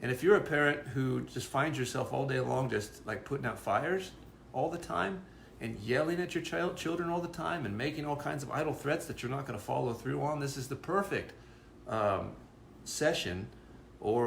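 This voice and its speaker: Man, gravelly voice, earnest casual explaining, echoey room. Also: medium pitch, moderate pace, slight background noise. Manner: earnest, repeats words while thinking. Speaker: co-host presenting a parenting course.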